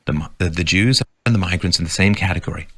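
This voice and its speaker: A man's voice: deep voice, fast talker, a bit bright. A man giving sarcastic political commentary, reading out quotes and mocking them.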